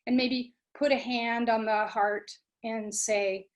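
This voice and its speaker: Woman talking mindfulness, fairly high voice. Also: steady tone, takes it slowly. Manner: conversational, acts out students' inner voices. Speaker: study abroad program director. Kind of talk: informal talk on mindfulness.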